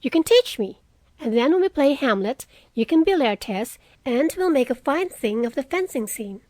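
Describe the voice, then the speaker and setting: A woman's voice: high voice, very animated, normal speed, darkish tone, no room sound. A woman voicing a frank, spirited young woman in an audiobook reading, earnest and outspoken.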